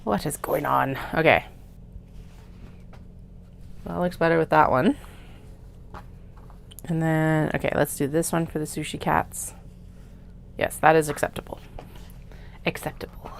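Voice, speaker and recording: Low gravelly woman muttering at work. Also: fairly even intonation, measured pace, pauses often, a little hiss or hum. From Canada. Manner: chatty, self-mocking, muttering to herself while cutting fabric. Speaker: craft maker. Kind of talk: casual work-along vlog narration. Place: home sewing studio.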